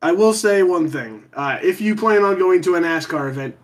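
Man, casual podcast chat, slightly high voice, rambling, swears, lots of ums. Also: animated, moderate pace.

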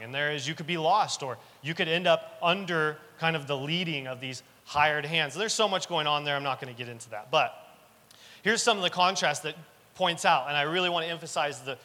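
A man's voice: fairly high pitch, bright, forceful tone. A man preaching a sermon in earnest, repeating key lines for emphasis. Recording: long reverb of a large hall.

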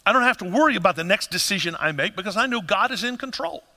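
A man preaching a sermon to his congregation in an animated way, acting out the voices of people in the story. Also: high voice, fast talker. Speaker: pastor. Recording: long hall reverb.

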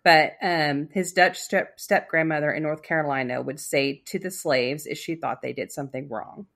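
A woman's voice: sits low, normal speed, creaky, fairly bright tone. A woman casually telling a spooky story on a podcast, rambling with fillers and restarts. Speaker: storyteller co-host.

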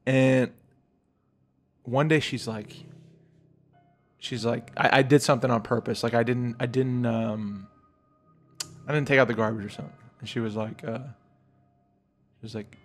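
A man co-hosting a casual podcast chat, telling a childhood story and getting loud and high-pitched as he relives the fright. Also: unhurried, long pauses, faint music behind. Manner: animated, rises high and loud when retelling fright. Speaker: podcast host.

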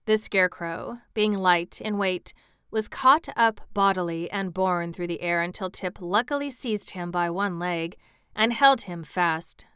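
Woman narrator for a storybook read-aloud: bright, very clear, dry close sound. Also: lowish voice, dry recording. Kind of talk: storybook reading.

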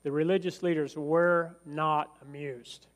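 A man's voice: a little high, steady tone, unhurried, long reverb tail. A male pastor preaching a sermon in a church, emphatic and acting out quoted lines.

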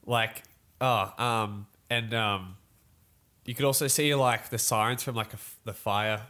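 A young man, telling a story in a casual podcast chat and acting out other people's voices as he goes. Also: fairly low pitch. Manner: animated storytelling, quick laughs, acts out voices.

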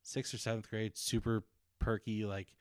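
A man's voice: on the low side, level tone, normal speed, clean tone, no echo. Rambling young man on a dry mic. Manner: rambling storyteller, heavy on "like", acts out quotes. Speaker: podcast co-host. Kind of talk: casual chat.

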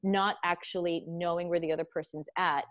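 Animated, swearing young woman chatting. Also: fairly low pitch, brisk. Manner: animated, swears a lot, acts out quotes. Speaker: podcast host. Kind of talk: casual chat.

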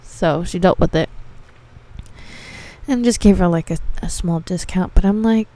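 A woman's voice: lowish voice, a little slow, dark tone. A young woman, a dispensary receptionist, telling casual stories about her customers, cursing freely and laughing as she goes. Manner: profane, laughing, exasperated storytelling. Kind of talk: casual storytelling monologue.

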